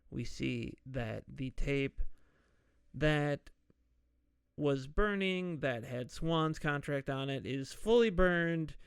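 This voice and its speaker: A man hosting a podcast, slowly and casually retelling a movie's plot with jokey asides. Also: mid-range voice, clear, resonant tone, no room sound, clean studio sound. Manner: slow, laid-back retelling with jokey asides and mock quoted voices. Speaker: podcast host. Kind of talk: casual solo movie recap.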